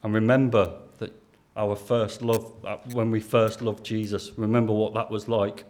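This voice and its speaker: A man's voice: fairly low pitch, little pitch movement, normal speed, a little mellow. A man with a Lancashire accent delivers a sermon. He speaks earnestly and plainly, as if chatting, and keeps turning questions back to the people listening. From Lancashire, England. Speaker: preacher.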